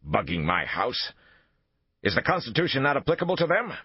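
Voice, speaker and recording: A man's voice: mid-range voice, wildly swooping pitch, brisk, husky, no room sound, pitched above the performer's own voice. A man voicing a ruthless, domineering male spy chief who gives orders and flares into rage. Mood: commanding. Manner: commanding, explodes into furious shouting. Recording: dull lo-fi dry recording.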